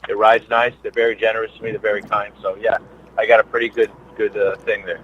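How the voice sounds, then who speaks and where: A man's voice: on the low side, flat delivery, fairly bright tone, lo-fi sound, a little hiss or hum. A man, a comedian, chatting casually as a podcast guest, rambling with frequent restarts. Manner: rambling, halting, many restarts. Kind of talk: casual chat. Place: New York based.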